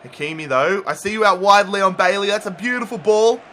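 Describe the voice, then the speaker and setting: A man commentating his own football video game match, muttering through tense play and yelling at big moments. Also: high-pitched, brisk, slight background noise. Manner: swings from muttering to shouting at goals. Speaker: gaming YouTuber. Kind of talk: excited play-by-play gaming commentary.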